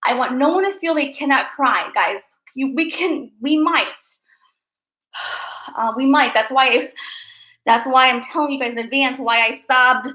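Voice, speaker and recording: A woman's voice: high voice, normal speed, poor audio. Earnest woman on the verge of tears. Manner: earnest, repeats herself, softens to near whispers. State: close to tears. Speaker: psychic tarot reader. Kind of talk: emotional livestream talk to viewers.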